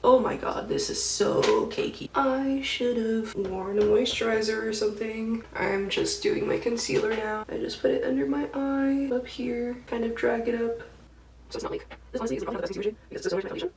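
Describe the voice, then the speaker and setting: Chatty young woman with a gravelly edge. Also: fairly high pitch, fairly quick, slight background noise. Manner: chatty, giggly, lots of "like". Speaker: beauty vlogger. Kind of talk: casual get-ready-with-me chat. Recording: echoey room, mic a bit far off.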